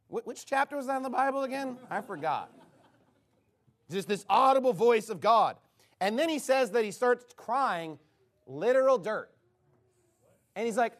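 A man's voice: extremely high pitch, lively intonation, normal speed. A man preaching a sermon, retelling a story with mocking, incredulous sarcasm.

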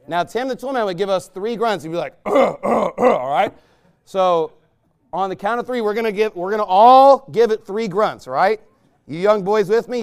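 A pastor preaching from the pulpit, a man with a high voice for a man and a smooth, resonant tone. He talks in a blunt, emphatic way that turns scornful. He breaks into loud bursts. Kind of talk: sermon.

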